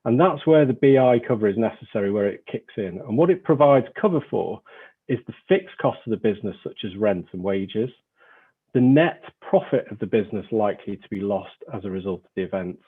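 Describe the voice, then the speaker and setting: A man with a Northern English accent presenting as an insurance lawyer in a webinar, measured and explanatory. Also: fairly low pitch, animated, slightly rough, narrow, tinny audio.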